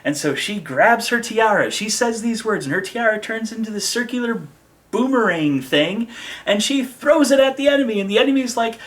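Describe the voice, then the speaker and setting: A woman reviewing an anime episode in a sarcastic, animated way, often slipping into exaggerated voices for the characters. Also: a little high, normal speed.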